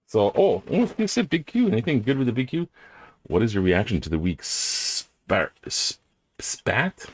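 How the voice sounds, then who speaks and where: A man's voice: sing-song, measured pace, no room sound. A man from Hawaii chatting casually on his own, reacting to the news with laughs and asides. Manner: rambling, laughs often, jumps in pitch for exclamations. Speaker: host reading and reacting to news. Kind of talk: casual solo chat.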